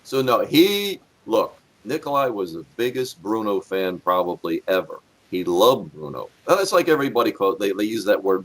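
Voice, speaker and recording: Lively, blunt middle-aged storyteller man. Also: medium pitch, normal speed. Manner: animated storyteller, blunt and profane. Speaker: guest, former police officer. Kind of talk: casual podcast storytelling.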